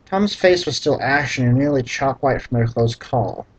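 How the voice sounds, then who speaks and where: A man reading a badly written novel aloud and breaking off for deadpan, sarcastic, profane commentary. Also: medium pitch, moderate pace, slightly rough, highs cut off. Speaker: reader mocking a book.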